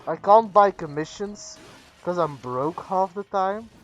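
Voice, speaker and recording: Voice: mid-range voice, unhurried, a bit bright, dull audio. Chatty Flemish-accented streamer. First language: Dutch. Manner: chatty, rambling, answers chat directly. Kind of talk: casual livestream chat with viewers.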